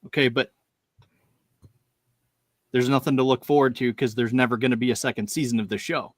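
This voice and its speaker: A man's voice: medium pitch, steady tone, brisk, no echo, studio quality. A man co-hosting a podcast in casual chat, rambling along, laughing often and acting out lines he quotes. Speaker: podcast co-host.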